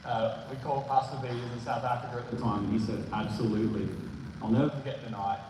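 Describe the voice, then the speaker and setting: An Australian man preaching a sermon, telling a story with lively delivery and acting out the voices he quotes. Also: medium pitch, fast. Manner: animated, acts out quoted voices. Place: large church hall. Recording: echoey church hall, distant mic, background noise.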